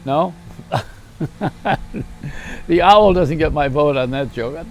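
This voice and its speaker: A man's voice: on the high side, slow. An older man hosting a rambling, self-mocking comedy monologue, chuckling at his own jokes. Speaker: host.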